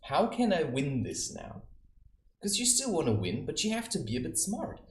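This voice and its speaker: A man's voice: a little high, wildly swooping pitch, moderate pace. A man giving spiritual advice in a casual, rambling monologue, telling anecdotes and acting out the people in them. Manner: rambling, anecdotal, with acted quotes. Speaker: self-styled spiritual adviser. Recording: roomy echo.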